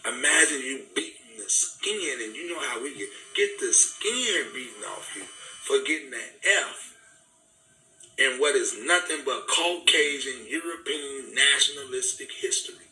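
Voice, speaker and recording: A man's voice: medium pitch, lively intonation, measured pace, bright, forceful tone. A man giving an impassioned, preaching talk, fervent and repetitive, in casual vernacular. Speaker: speaker. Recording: echoey room, distant mic, faint music.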